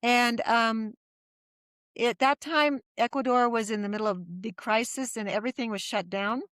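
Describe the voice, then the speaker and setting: Lively woman telling a story, dry sound. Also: fairly high pitch, normal speed, no echo. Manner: lively storyteller who acts out quoted voices. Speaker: guest. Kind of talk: storytelling in a podcast interview.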